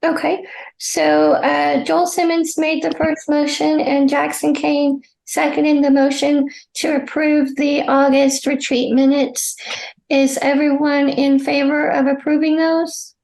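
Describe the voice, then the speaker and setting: Woman meeting chair, high flat voice, procedural delivery, roomy echo. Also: slow pace, vocal fry.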